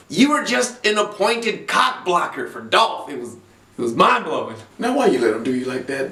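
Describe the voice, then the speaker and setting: A man doing comedic roast commentary in an animated, profane, mocking way. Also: high-pitched, normal speed, echoey room, recorded from a distance. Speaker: comedy video creator.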